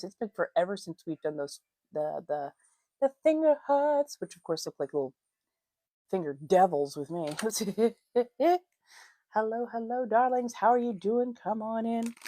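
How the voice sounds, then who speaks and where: A woman's voice: medium pitch, no room sound. Woman chatting on her livestream, laughs a lot, says hi to everyone, dry close mic sound. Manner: chatty, laughs often, greets viewers warmly as darlings. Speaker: livestream host. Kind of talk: casual livestream chat.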